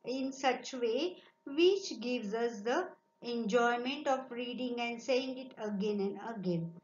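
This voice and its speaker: A woman teacher with an Indian English accent, a Marathi speaker, giving a slow, encouraging online lesson to children and reading sentences aloud for them to repeat. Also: sits high, a little mellow. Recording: echoey lo-fi recording with faint hiss.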